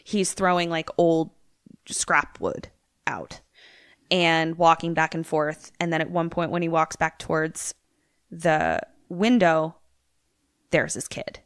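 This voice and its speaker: A woman with a bright, forceful tone and a somewhat low voice, chatting as a podcast co-host. She retells a story animatedly and swears casually. The sound is dry and close. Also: steady tone, slow pace, clean tone, no room sound.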